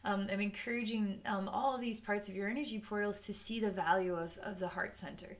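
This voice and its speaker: A woman's voice: mid-range voice, fairly even intonation, a little fast. A woman giving a psychic energy-healing session off the cuff, rambling with many fillers and voicing the chakras in little quoted asides. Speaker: psychic reader.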